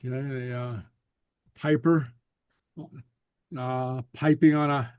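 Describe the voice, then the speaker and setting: A man teaching a Gaelic class over a video call, relaxed and full of fillers and repeated okays. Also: mid-range voice, slow pace, smooth, no echo.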